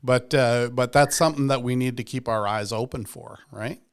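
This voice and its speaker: A man co-hosting a podcast, agreeable and quick to chime in with short affirmations. His voice is smooth and clear, with a mid pitch. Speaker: podcast co-host. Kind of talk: podcast discussion.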